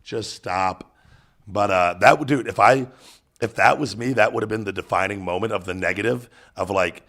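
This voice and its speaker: A deep-voiced man hosting a podcast, talking casually and bluntly. He swears freely and breaks into loud joking bursts. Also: normal speed. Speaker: podcast host. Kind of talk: casual chat.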